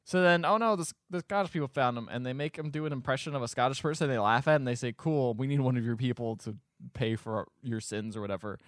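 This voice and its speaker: A man's voice: mid-range voice, fast, no echo, clean studio sound. A man co-hosting a podcast, retelling a movie's plot in a sarcastic, exasperated way with casual swearing. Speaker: podcast co-host recapping a movie. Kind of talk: casual chat.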